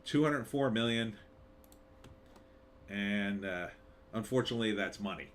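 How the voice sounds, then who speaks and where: A man's voice: on the low side, measured pace, slight background noise. A man hosting a live commentary show, talking in a sarcastic, rambling way with wry asides. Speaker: show host.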